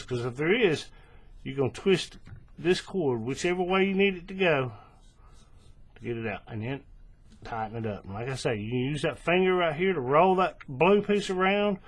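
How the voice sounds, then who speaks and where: Husky guy teaching a craft at his table, lively up-and-down voice, laid back, keeps asking "right?". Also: medium pitch. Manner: relaxed, checks in with "right?" and self-corrects. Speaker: crafting tutorial host. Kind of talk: step-by-step hands-on instruction. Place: indoors at a table, working close to the camera.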